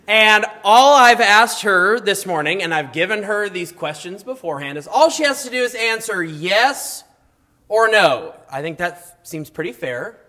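A man teaching a classroom of high schoolers, talking casually, adding wry asides and often checking in with "okay?". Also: expressive, normal speed, pushed and bright. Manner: mildly sarcastic asides. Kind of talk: classroom lesson. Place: classroom with students.

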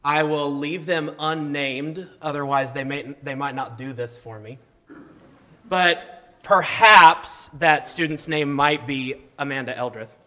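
Bright high-voiced male teacher. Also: slow. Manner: conversational, often checks in with "okay?"; mildly sarcastic asides. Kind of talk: classroom lesson. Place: classroom with students.

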